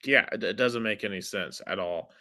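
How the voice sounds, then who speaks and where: A man's voice: fairly low pitch, moderate pace, bright, forceful tone. A man hosting a casual sports podcast, chatty and filling his talk with "like". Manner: chatty, heavy use of "like". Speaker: podcast host.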